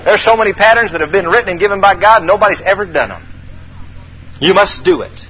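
A male preacher giving a sermon with animated call and response and dramatic scripture reading, on a dull recording. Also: sits high, fast, breathy edge.

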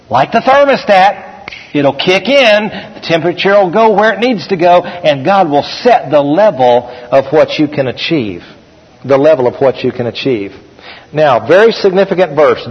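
A male pastor preaches in a husky, slightly raised voice and tells stories conversationally while checking in with his listeners. The recording is dull and lo-fi, with a long reverb from the hall. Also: fairly high pitch. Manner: conversational storytelling, checks in with the audience. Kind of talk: sermon.

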